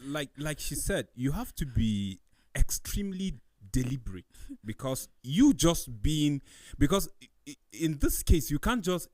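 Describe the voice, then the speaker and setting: A man's voice: a little high, big pitch swings, measured pace, few pauses, a little mellow, no room sound, studio quality. A man on a panel talk show, who restarts his sentences and offers agreeing hums. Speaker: co-host.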